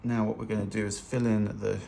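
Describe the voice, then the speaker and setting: A man's voice: on the low side, little pitch movement, quick pace, gravelly, dark tone, slight background noise. A man teaching fashion illustration in a loose, chatty, self-deprecating way while he draws. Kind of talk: casual drawing tutorial narration. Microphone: hands-only overhead camera.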